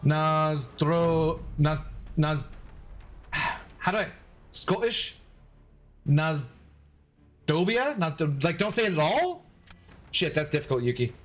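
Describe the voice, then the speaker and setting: A man's voice: on the high side, sing-song, a little slow, pauses often. A man chatting casually on a gaming livestream, laughing often, swearing loosely and thanking viewers by name. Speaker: streamer.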